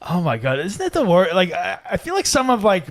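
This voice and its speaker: Guy on a podcast, pretty high voice that bounces around, rambly and full of likes. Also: huge pitch swings, fairly quick. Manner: loose, filler-heavy, says like a lot. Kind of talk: casual podcast chat. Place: podcast studio.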